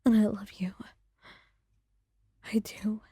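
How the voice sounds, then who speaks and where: A woman's voice: medium pitch, little pitch movement, slow pace, warm tone, slightly rough, no echo, studio quality. Arlecchino, a woman whispering as a stern woman breaking. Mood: desperate. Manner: trembling, pleading whisper. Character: stern powerful woman, shaken and grieving. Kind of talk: whispered role-play.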